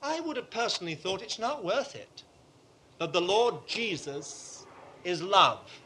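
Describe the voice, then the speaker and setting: A man preaching a sermon with impassioned conviction, dropping to hushed tones and then rising to forceful, emphatic repetition. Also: high-pitched, sing-song, measured pace, slight background noise.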